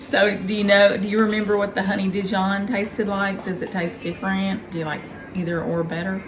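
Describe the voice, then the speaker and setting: A woman chats through a home cooking vlog in a kitchen, talking straight to her viewers. She is enthusiastic and easygoing, with an ordinary mid pitch. A faint hiss runs under the recording. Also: little pitch movement, fairly quick. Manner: chatty, addresses viewers directly, enthusiastic about food. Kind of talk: casual cooking vlog chat.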